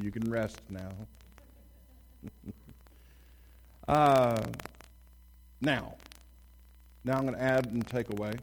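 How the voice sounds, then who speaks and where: Pastor, male, low-pitched, informal and rambling, faint room hum behind. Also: vocal fry, a little mellow, rough recording. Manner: rambling, folksy, many restarts and fillers; asks the congregation questions. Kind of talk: informal sermon.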